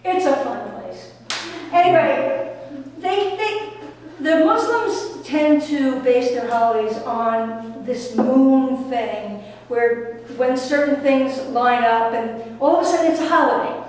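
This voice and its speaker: High-voiced woman telling a story in a hall. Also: takes it slowly. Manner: animated, chatty, self-mocking. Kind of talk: live storytelling on stage. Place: small venue with an audience. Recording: echoey hall from far off. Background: audience laughter.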